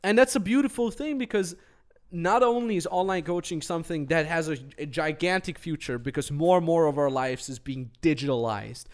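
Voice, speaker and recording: A man co-hosting a business podcast in casual, energetic chat, with jokey asides. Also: on the high side, a little fast. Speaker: podcast co-host.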